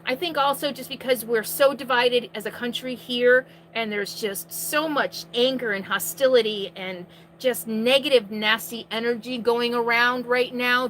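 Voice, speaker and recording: A woman hosting a live question-and-answer stream from inside her RV, chatting casually and projecting her voice loudly. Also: fairly high pitch, slight background noise, rough recording.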